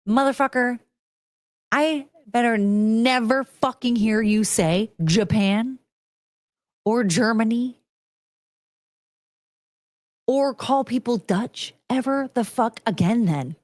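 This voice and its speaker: Brief: woman podcast host, profane rambling rant, unhurried delivery, dry close sound. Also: on the high side, no echo. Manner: profane, ranting, swears freely; rambling, loses her train of thought. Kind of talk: casual chat.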